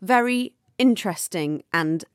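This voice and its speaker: A woman co-hosting a podcast in casual chat, upbeat and quick to laugh. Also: medium pitch, lively intonation, clean tone, no room sound, clean studio sound. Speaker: podcast co-host.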